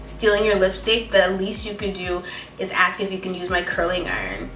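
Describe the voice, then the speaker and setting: A woman's voice: mid-range voice, normal speed, fairly bright tone, pitched below the performer's own voice, lightly acted. A woman quoting a snippy young rival woman. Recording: roomy, distant mic, faint music.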